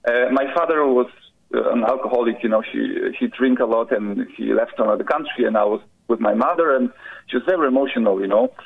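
A man from Poland with a Polish accent, calling in to a show and speaking haltingly, full of "you know". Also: mid-range voice, creaky, slightly rough. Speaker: caller. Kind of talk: casual call-in chat. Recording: muffled phone call-in line.

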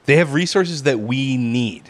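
A man co-hosting a podcast and trading dry, deadpan jokes. His pitch moves a lot, rising and falling in lively swings. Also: measured pace. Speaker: podcast co-host. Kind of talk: casual comedic banter.

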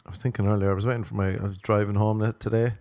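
Young male podcast host, meandering jokey monologue, low and mellow. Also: flat delivery, racing, no room sound. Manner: self-mocking, meandering, swears casually. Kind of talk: rambling comedic monologue.

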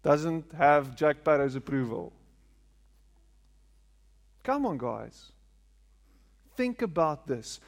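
A man's voice: on the high side, a little mellow. A man preaching a sermon, repeating phrases for emphasis and asking rhetorical questions in a large hall. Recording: long hall reverb.

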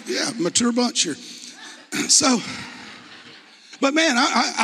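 A man preaching in a church, his voice pitched high and sharp with a husky edge. He talks to the congregation in a conversational but impassioned way, full of rhetorical questions. The sound carries a long reverb from the church hall. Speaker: pastor. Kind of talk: sermon. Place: church sanctuary.

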